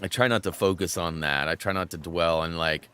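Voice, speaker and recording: A man's voice: low voice, a little fast, bright, forceful tone, a little hiss or hum. A man hosting a gaming channel, chatting casually with a friend while playing and rambling along with many restarts. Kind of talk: casual chat while playing a video game.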